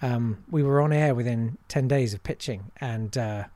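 A man's voice: mid-range voice, normal speed, mellow, no echo. A man, a comedian and impressionist, chatting casually and self-deprecatingly in an interview.

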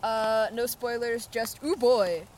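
A young woman trades dry wisecracks on a podcast recorded while walking outdoors. Her voice is a little high. A faint outdoor hum sits behind her. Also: slow pace, a little mellow. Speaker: podcast co-host. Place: woods, outdoors.

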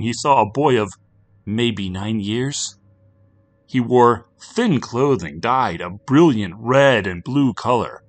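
Narrating a grim podcast story at medium pitch, a man alternates between loud, pressing delivery and hushed, near-whispered sections.

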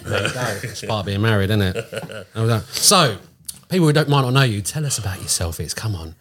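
Man, podcast host, talks fast, lowish voice, laughy banter. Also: a bit bright. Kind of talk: casual chat.

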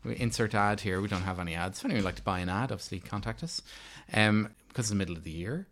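A man in his thirties talks films on a casual podcast with a lowish voice. He rambles and restarts often, tossing in fillers as he goes. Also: quick pace, fairly bright tone, slight background noise. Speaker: podcast co-host. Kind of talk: casual film review chat.

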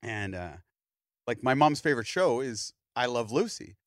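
A man in his thirties tells a story on a podcast in a casual, chatty way and slips into the voices of the people he describes. His pitch swings widely as he talks. The recording is close and dry. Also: normal speed, no echo. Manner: animated storyteller, acts out other people's lines. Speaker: podcast host.

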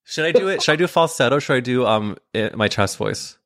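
A man hosting a podcast, chatting casually in a playful, animated way and laughing often. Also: mid-range voice, a little fast, no echo, studio quality. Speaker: podcast host. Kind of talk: casual chat.

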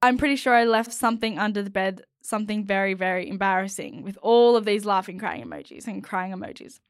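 A young woman co-hosting a podcast, reading listener stories aloud in a giggly, animated way. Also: medium pitch, fast talker, no echo, clean studio sound. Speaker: podcast co-host.

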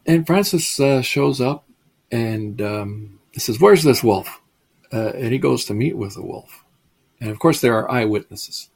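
Man, lecturer type; rambling, amused delivery, raspy low grit. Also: unhurried. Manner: chatty and digressive, chuckles at the stories. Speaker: lecturer on mysticism. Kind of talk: storytelling lecture.

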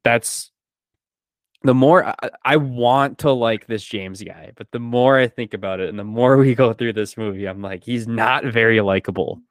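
A man's voice: medium pitch, moderate pace, no echo. A man hosting a podcast, chatting casually about a film and animatedly acting out the characters' lines. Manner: animated retelling, acts out quoted lines. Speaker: podcast host. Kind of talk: casual movie discussion.

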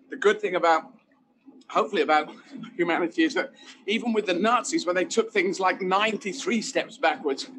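A comedian talks in a lively, emphatic rush, circling back on his phrases. His voice sits high for a man. Steady outdoor noise runs under everything. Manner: animated, emphatic, rambling asides. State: running while talking. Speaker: guest comedian. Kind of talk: conversational interview.

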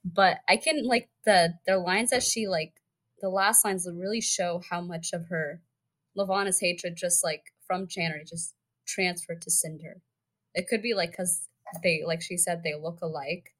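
A woman co-host chats about a novel in a loose, rambling way, filling her thoughts with "like." Her voice sits a little on the low side. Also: fairly even intonation, unhurried, fairly bright tone. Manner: chatty, says "like" a lot. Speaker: podcast co-host. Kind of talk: casual book discussion.

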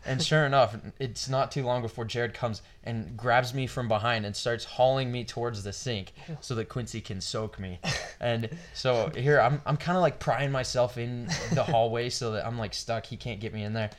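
A man's voice: medium pitch, fairly even intonation, moderate pace. A young man co-hosting a podcast, telling a story in casual chat and laughing through his own words. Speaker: podcast co-host.

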